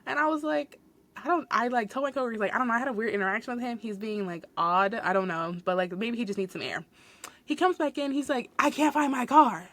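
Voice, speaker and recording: A young woman hosting a podcast, telling a work story in a casual, animated way, full of fillers and acted-out quotes. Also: a little high, fast. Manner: animated, swears, many "like" fillers, acts out quotes. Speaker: podcast host.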